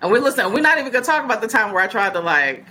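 A woman's voice: fairly high pitch, sing-song, rapid-fire, bright, forceful tone, breathy edge, poor audio. A woman in her forties, a podcast guest telling a story in casual chat and acting out other people's words as she goes.

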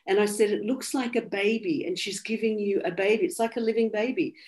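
A woman's voice: mid-range voice, fairly quick. An Australian woman, a medium, earnestly retelling a reading in an interview and quoting what was said. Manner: earnest, soft-spoken retelling with quoted dialogue. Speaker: medium, guest. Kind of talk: personal storytelling in interview.

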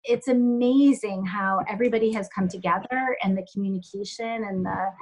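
A woman in a middle register answers interview questions as a health center leader. She speaks thoughtfully, often pausing and filling gaps as she gathers her words. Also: medium pitch, a little mellow, slight background noise, poor audio. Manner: thoughtful, halting with many fillers.

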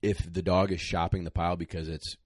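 A man's voice: low voice, level tone, fairly quick, no echo, studio quality. A man answering questions on a podcast as a dog trainer, blunt and plain-spoken, a little out of breath. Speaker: retriever trainer, guest. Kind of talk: casual podcast advice.

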